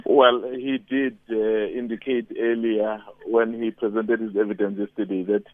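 Calm low man on a tinny phone line. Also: moderate pace, no echo.

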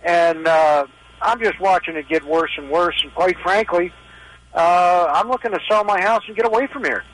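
A man's voice: high voice, normal speed, a bit bright, poor audio. An older man from Western Pennsylvania calling in to a talk radio show, blunt and disillusioned. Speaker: caller.

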